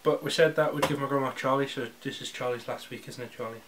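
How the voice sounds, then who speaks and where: A man's voice: mid-range voice, fairly even intonation, fast, noisy background. A teenage boy chatting casually on his home vlog, rambling and restarting with jokey asides. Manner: rambling, self-interrupting, jokey. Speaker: vlogger. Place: indoors at home.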